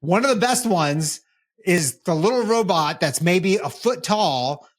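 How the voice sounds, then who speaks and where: Host, mid-range voice, casual tech chat, animated and wisecracking. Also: medium pitch, measured pace. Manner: animated, joking, exasperated asides. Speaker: podcast host.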